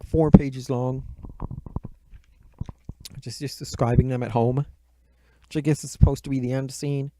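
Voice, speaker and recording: A man's voice: mid-range voice, warm tone, dry recording. A man reviewing a movie in a casual, rambling retelling, swearing often and mocking himself, speaking close into the microphone. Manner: rambling, heavy swearing, self-mocking asides. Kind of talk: casual profane retelling of a plot. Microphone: close mic, speaking right into it.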